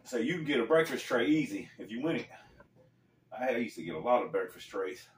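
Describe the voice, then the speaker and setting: A man hosting a casual storytelling vlog, talking in a laid-back, slangy way with pauses. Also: medium pitch, animated. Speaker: storyteller host. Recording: echoey room, mic far off.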